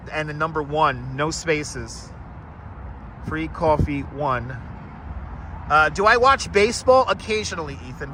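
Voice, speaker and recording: A man's voice: sits high, noisy background. A man from Brooklyn, hosting a casual walking live stream and chatting rambly with viewers, greeting them by name. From Brooklyn, New York. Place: outdoors on city streets, walking. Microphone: wireless clip-on mic.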